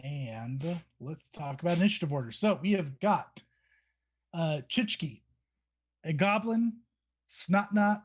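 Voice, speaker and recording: A man running a tabletop game as game master, relaxed, explaining the rules step by step. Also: fairly high pitch, slow.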